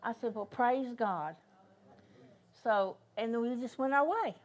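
A woman's voice: a little high, measured pace. Older woman preaching emphatically. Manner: storytelling, emphatic, repeats key phrases. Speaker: guest minister. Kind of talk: sermon. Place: church.

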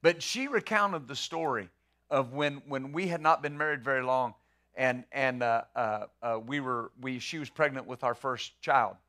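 A man's voice: mid-range voice, normal speed, sharp tone. A middle-aged man pastor preaching a sermon in a conversational way, full of rhetorical questions and repeated words.

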